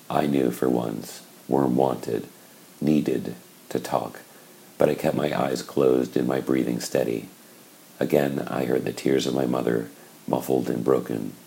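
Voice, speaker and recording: A man reading a first-person novel aloud in a slow, measured, somber way. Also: extremely low pitch, gravelly, warm tone. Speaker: audiobook narrator. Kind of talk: scripted first-person narration.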